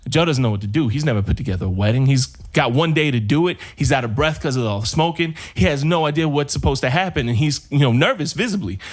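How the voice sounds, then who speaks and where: A man's voice: medium pitch, animated. A man on a podcast, casually telling a long shaggy-dog joke and drawing out the build-up. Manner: casual storyteller, drawn-out build-up. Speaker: podcast co-host.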